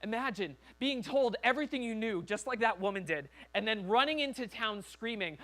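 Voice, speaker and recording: A man's voice: high voice, expressive, fairly quick, few pauses, bright, forceful tone. A man preaching a sermon as a pastor in a church, talking conversationally and acting out quoted voices.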